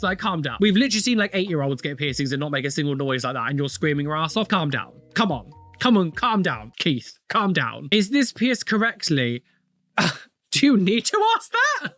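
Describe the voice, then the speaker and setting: A man's voice: fairly high pitch, fairly bright tone. A man hosting a reaction video, commenting on clips with sarcastic, exclaiming remarks.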